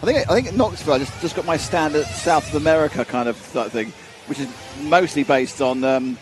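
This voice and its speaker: A man's voice: fairly high pitch, fairly quick. A British man co-hosting a livestream, chatting and joking with frequent laughter. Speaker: livestream co-host. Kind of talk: casual commentary chat. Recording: music playing under the voices.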